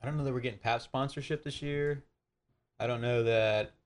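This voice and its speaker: A quick-talking man co-hosting a casual chat, rattling off wisecracks and teasing jokes. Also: mid-range voice, steady tone. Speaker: co-host.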